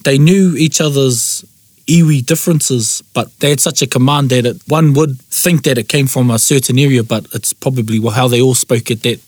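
A man's voice: mid-range voice, normal speed, dry recording. Man, New Zealand Māori accent, reflective co-host, plain mid voice, dry recording. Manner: reflective, agreeable, many yeahs. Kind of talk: casual chat.

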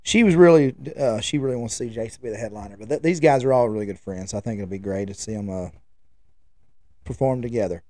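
A man's voice: fairly low pitch, quick pace, warm tone, no room sound, studio quality. A man, hosting a podcast and telling rambling, chatty stories. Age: 40s. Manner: rambling, chatty, restarts and trails off. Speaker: podcast host. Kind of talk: casual rambling storytelling.

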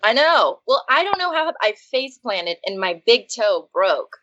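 A woman's voice: on the high side, sing-song, measured pace, a bit bright, no echo. Chatty woman laughing through stories. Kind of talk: casual chat. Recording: dry muffled sound.

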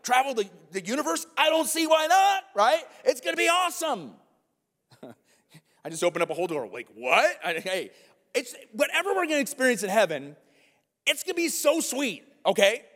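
Guy pastor preaching, pretty high voice, lively, keeps asking the crowd "right?", big echoey church sound. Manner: animated, rhetorical questions to the congregation. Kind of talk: sermon.

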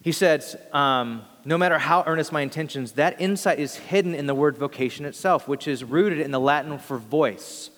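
A young pastor preaches with an earnest, conversational manner, now and then stumbling and restarting a phrase. His voice sits somewhat high for a man. The sound carries a long reverb, as if from a big hall. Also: normal speed, hardly any pauses, fairly bright tone. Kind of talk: sermon.

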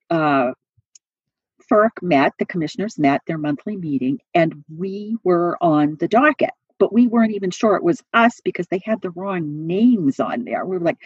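A woman activist guest on an interview podcast, briskly laying out a timeline and laughing now and then. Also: fairly low pitch, expressive, breathy edge, no echo. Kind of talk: casual interview. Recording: muffled, lo-fi dry audio.

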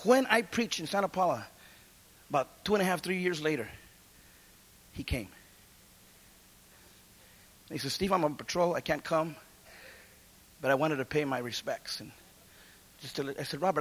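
A middle-aged man preaching a sermon and telling his own testimony in street slang, going from loud calls down to hushed asides. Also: fairly high pitch, expressive, fairly quick, long pauses, slightly rough.

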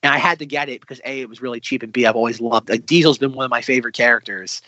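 A man's voice: medium pitch, rapid-fire, bright, forceful tone, no echo. A man chatting casually and enthusiastically, rambling with many fillers. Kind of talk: casual chat. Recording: dry, slightly dull sound.

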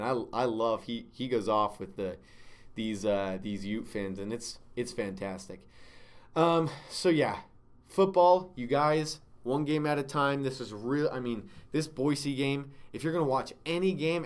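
A young man hosting a casual sports commentary show, getting excitable and climbing sharply in pitch when he is indignant.

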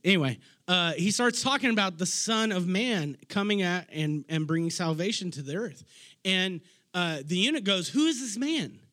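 In a relaxed storytelling sermon, a preacher recounts Bible stories with slang and enthusiasm, often restarting what he's saying. His voice sits fairly high for a man and is a bit bright.

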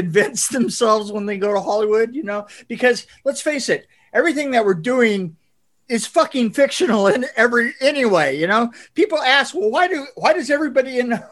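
A man's voice: very high-pitched, animated, brisk, fairly bright tone. An older man from California, a guest on an interview show, telling rambling stories full of swearing and laughter. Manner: profane, laughing, rambling storyteller. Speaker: guest, production designer. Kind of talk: casual interview storytelling.

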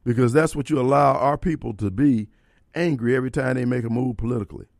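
Talk radio host, male, gravelly voice, blunt, emphatic, dry studio sound. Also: mid-range voice, fast talker, darkish tone, no echo. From Mississippi.

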